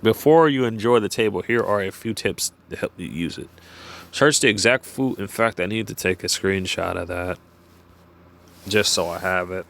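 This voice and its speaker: A man with a lowish voice reads numbers off a page in a plain, steady way. When he drifts off the text, he rambles and restarts, with plenty of "uh" and "you know" along the way. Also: vocal fry. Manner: halting, many fillers and restarts when off script. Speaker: vlogger. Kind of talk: reading from a page and musing aloud.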